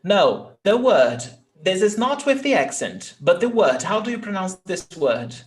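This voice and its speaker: Slow, patient teacher. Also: male voice, high-pitched, very animated. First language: Portuguese. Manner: patient, repeats words slowly for learners. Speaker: Portuguese teacher. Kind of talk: live online language lesson.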